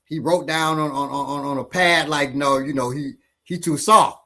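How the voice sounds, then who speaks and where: A man, a martial arts instructor, telling a story in casual talk, halting and restarting often. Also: fairly high pitch, fairly even intonation, pushed and bright. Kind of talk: casual storytelling in a panel discussion.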